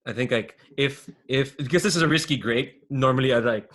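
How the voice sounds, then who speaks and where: A man running a tabletop game as game master, with a voice in the middle range for a man. He talks loosely and casually, laughing and filling pauses as he sets up scenes. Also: mid-range voice, a bit bright. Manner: loose, laughing, many fillers.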